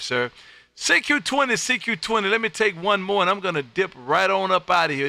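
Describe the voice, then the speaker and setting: A man from Texas, hosting a live-streamed ham radio session and working contacts in a loud, upbeat, friendly way. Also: on the high side, gravelly, no echo. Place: home radio room.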